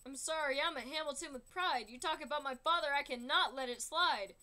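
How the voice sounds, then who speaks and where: An eager, proud young son, nervous but putting on a bold front, sung by a woman along with a musical as she draws. The voice sits high and rings bright. The singing is earnest. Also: fairly quick. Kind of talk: singing along while drawing.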